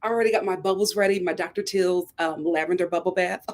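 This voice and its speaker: A woman hosting a live stream, giving sassy, animated commentary on a reality show and talking straight to her viewers. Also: fairly low pitch, fast. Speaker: live show host reviewing a reality series.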